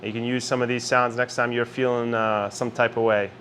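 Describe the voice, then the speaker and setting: A man hosting a relaxed, casual explainer chat and introducing each item in turn. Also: medium pitch, fairly quick, a little hiss or hum. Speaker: host.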